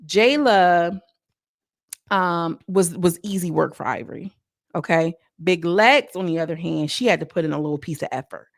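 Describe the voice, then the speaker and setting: A woman recapping a reality show in casual, slangy commentary, breaking into quick mocking impressions of the cast. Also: on the low side, creaky, no room sound, clean studio sound. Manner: chatty, slangy, quotes cast members in mocking voices.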